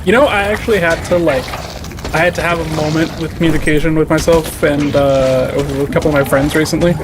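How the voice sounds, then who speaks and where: A man's voice: fairly high pitch, fairly even intonation, a little fast. Rambling man over a noisy game stream. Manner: loose, rambling, heavy on "like" fillers. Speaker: streamer playing a game while chatting. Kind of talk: casual chat.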